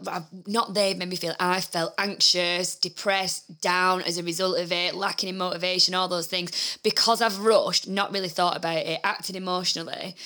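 Bright, giggly woman podcast co-host. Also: on the low side. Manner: giggly, rambling, self-correcting. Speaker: podcast co-host, business owner. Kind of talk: casual chat.

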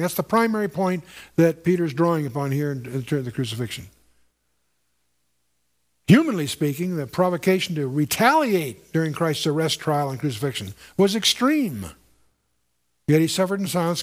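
Earnest man teaching scripture, slightly high. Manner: earnest, explanatory, with frequent restarts and rhetorical questions. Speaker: Bible teacher. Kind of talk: verse-by-verse sermon teaching.

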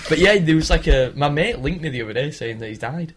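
A man's voice: fairly high pitch, very fast, hardly any pauses, noisy background. A young man telling stories in casual chat, swearing and laughing a lot.

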